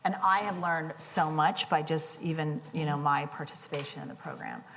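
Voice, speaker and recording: A woman guest speaker talking onstage to students, candid and animated, poking fun at herself. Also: low voice, moderate pace. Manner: candid, animated, self-deprecating. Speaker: guest speaker, company CEO. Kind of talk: onstage conversation. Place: lecture hall with audience. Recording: long hall reverb, faint noise.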